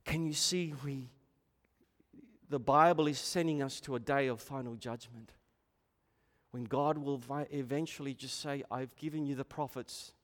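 A man preaching a sermon in a church, impassioned and swinging from hushed, low lines to loud, urgent ones. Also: fairly even intonation, unhurried, pauses often. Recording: long hall reverb.

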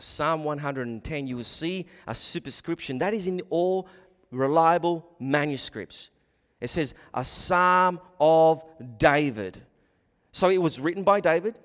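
A man preaching a sermon in a church hall, his voice sitting a little high for a man. He speaks emphatically, rising and falling and often repeating words. A long hall reverb trails after each phrase. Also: fairly bright tone. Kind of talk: expository sermon.

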